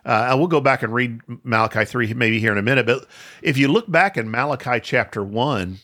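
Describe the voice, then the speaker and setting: A man of middle pitch who teaches scripture in a relaxed, conversational way. He circles back on his phrases and slows down to stress the key ideas. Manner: thoughtful, with frequent restarts and slow emphasis. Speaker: podcast host and Bible teacher.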